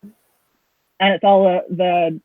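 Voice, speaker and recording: A woman's voice: lowish voice, little pitch movement, drawn-out words, dry recording. Woman game master on a tinny line. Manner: loose, rambling narration with restarts. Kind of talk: narrating a tabletop game.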